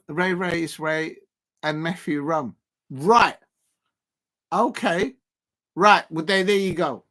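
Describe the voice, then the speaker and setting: Excitable man. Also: fairly high pitch, slow, long pauses. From South London, Colombian roots. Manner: excitable, rambling, laughs often. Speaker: live stream watch-along host. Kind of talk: casual live stream chat.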